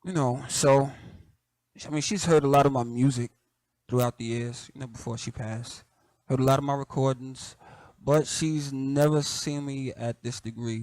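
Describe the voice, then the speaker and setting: Middle-aged southern guy hosting, laid back, lots of "you know", dry close mic, regular pitch. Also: dry recording. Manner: relaxed, conversational, peppered with "you know", soft laughs. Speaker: host. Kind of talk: casual reflective monologue.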